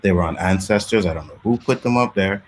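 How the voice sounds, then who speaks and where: Canadian man, very low voice, casual chat, acts out quotes, faint background noise. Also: fast talker, poor audio. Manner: animated storytelling, acts out quotes, laughs often. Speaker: podcast host.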